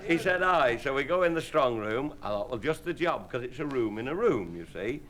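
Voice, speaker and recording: This medium-pitched man's voice is a bit bright, fairly quick, and full of big pitch swings. Chuckling, he delivers rambling, bawdy anecdotes as an after-dinner speaker, captured on hissy old live tape with audience laughter behind him.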